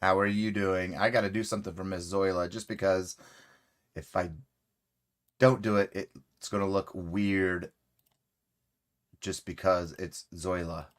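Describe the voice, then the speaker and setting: A man hosting a casual crochet livestream, rambling relaxed and friendly with many fillers and greeting viewers by name. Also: sits low, measured pace, pauses often.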